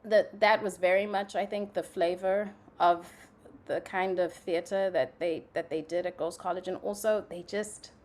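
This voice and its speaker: A woman's voice: on the low side, moderate pace. Young woman from zimbabwe chatting away in an interview, lots of "like", acts out little quotes. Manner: animated storytelling, many "like" fillers, acts out quotes. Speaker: guest, playwright and actress. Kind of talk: casual conversational interview.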